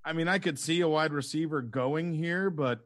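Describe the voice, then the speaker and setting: A man with a slightly high voice chats casually on a sports panel. He is playful and tosses in jokey nicknames. His voice sounds dry and close to the mic. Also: moderate pace, no room sound.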